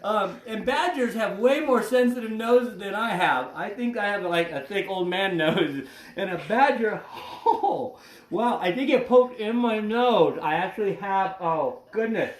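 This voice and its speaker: A man's voice: sits high, animated, measured pace. A man hosting an educational animal show, chatting playfully and cracking jokes as he handles the animals. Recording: roomy echo.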